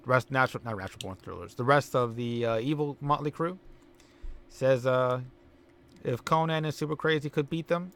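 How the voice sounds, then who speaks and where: In this casual let's-play recap, a man walks through a wrestling simulation game as commentator, chuckling and filling his rambling with fillers. His medium-pitched voice is a bit bright, and he talks at a normal speed.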